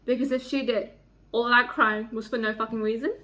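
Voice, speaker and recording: A woman's voice: fairly high pitch, fairly even intonation, a little fast, sharp tone, lo-fi sound. A young woman talking casually in a book vlog, emotional and rambling, swearing a lot. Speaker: book vlogger.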